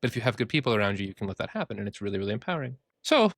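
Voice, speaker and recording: A man who works as a therapist, hosting a casual podcast and talking in an animated, joking way. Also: on the low side, very fast, husky, no room sound, studio quality. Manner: animated, joking, acts out quoted voices.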